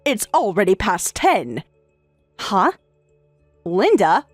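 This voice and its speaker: A woman's voice: mid-range voice, sing-song, takes it slowly, no echo, faint music behind. A synthetic woman's voice reading a tired young wife who answers back firmly and pointedly. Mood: defiant. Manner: firm, pointed replies. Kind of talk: text-to-speech story reading.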